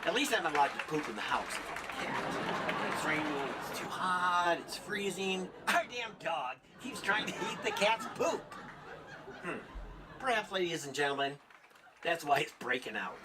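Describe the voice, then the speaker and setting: A man doing a stand-up comedy set, rambling and self-mocking, laughing at his own jokes on stage before a live audience. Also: high-pitched. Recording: live club audience and ambient noise.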